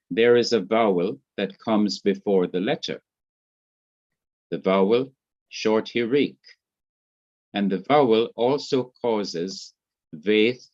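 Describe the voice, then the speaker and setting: A man with a Jamaican accent teaching Hebrew grammar in a classroom lecture, speaking slowly and deliberately and repeating his points. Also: on the low side. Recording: muffled lo-fi classroom recording.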